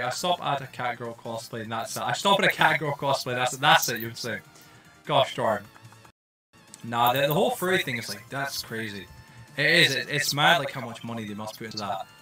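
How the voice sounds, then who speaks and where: A young man from Scotland with a softened Scottish accent, chatting casually and rambling with lots of fillers while streaming a game. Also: mid-range voice, expressive, a little fast, faint music behind. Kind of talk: casual livestream chat while playing.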